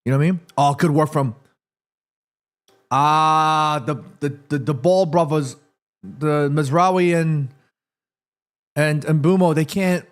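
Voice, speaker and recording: A man from Korea hosting a live football watchalong stream, reading chat aloud, eating snacks and reacting loudly to the match. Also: a little high, takes it slowly, long pauses. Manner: chatty, reads chat aloud, excited shouts at match action.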